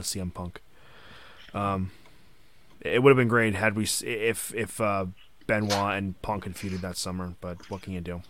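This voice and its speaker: A man's voice: on the low side, fairly bright tone, no room sound. A man hosting a casual podcast chat, recounting wrestling history partly from notes. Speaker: podcast host.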